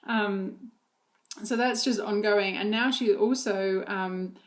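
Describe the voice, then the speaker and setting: Brief: mum vlogger, casual chat, loose fillers, easy laughs. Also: female voice, medium pitch, unhurried. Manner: chatty, many fillers, laughs often. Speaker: vlogger and mother. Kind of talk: casual chat about her toddler.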